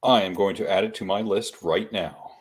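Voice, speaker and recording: A Canadian man co-hosting a podcast in casual chat, relaxed and matter-of-fact as he recommends movies. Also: lowish voice, normal speed, husky. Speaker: podcast co-host.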